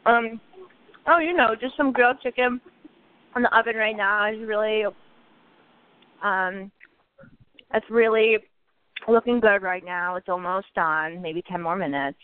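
An interview guest on a call, chatting in a relaxed way with some hesitations, heard over a tinny phone line. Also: mid-range voice, unhurried, long pauses, clear, resonant tone, dry recording. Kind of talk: casual phone chat.

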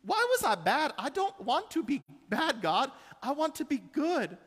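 Tearful little girl of five, pleading, high thin voice, long church-hall reverb, as a man puts her on. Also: very animated, a little slow, a bit bright, full character voice. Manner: pleading, broken.

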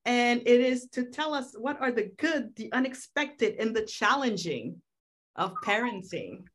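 A woman's voice: a little high, expressive, unhurried, a little hiss or hum. A woman co-hosting a podcast, asking questions in an upbeat, friendly way. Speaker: podcast co-host. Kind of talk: casual chat.

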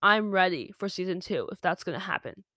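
A woman's voice: lowish voice, lively intonation, a little fast, sharp tone, no room sound. Gushing young woman podcaster, dry sound. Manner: gushing, emotional, lots of fillers. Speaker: podcast host. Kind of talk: solo podcast rant. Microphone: home microphone.

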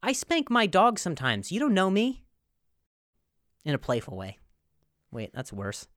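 A man's voice: sits high, huge pitch swings, measured pace, fairly bright tone, no room sound, studio quality. A young man hosting a comedy podcast, rambling and profane, with sarcastic rants full of restarts. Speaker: podcast host.

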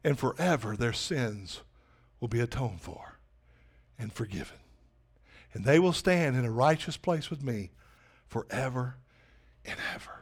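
A man voicing God as a solemn, loving figure, speaking slowly and softly. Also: medium pitch, animated, slightly rough, voice pushed down. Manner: slow, hushed, solemn.

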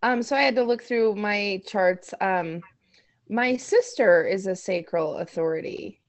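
A woman co-hosting a podcast in casual chat, easygoing and quick to laugh, thinking aloud as she talks. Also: mid-range voice. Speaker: podcast co-host.

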